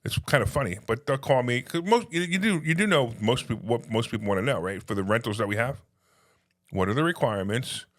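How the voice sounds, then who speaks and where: A man telling stories in casual conversation, animated, acting out phone calls in quoted voices. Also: mid-range voice, a little fast. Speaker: podcast guest, real estate investor.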